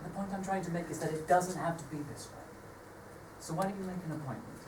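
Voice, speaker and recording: A woman's voice: on the low side, quick pace, close to an everyday voice. A woman playing a caring young adult son, earnestly pleading on a live theatre stage. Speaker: amateur stage actor. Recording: echoey theatre stage from far off, noise.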